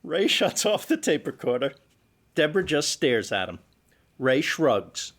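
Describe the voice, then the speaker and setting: A man reads the stage directions for a sitcom table read over a video call. His delivery is brisk and plain, and his voice is fairly high and lively.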